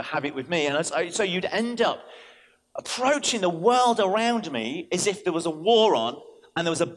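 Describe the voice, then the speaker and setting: A man, a vicar, preaching an animated sermon in church, telling stories and switching in and out of quoted voices. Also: a little high, a little hiss or hum.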